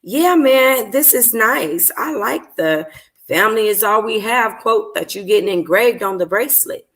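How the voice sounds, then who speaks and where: A woman voicing a smooth-talking young man in a read-aloud story, speaking in casual slang. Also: on the high side, animated, measured pace, a bit bright, pitched above the performer's own voice. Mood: easygoing.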